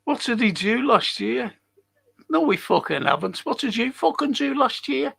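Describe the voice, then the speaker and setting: A man's voice: extremely high pitch, sing-song, moderate pace, creaky, fairly bright tone, breathy edge. A man hosting a fan live stream, ranting angrily with heavy swearing and arguing with his chat. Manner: heated, heavy swearing, combative. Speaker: fan show host reading live chat. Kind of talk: angry live-stream rant.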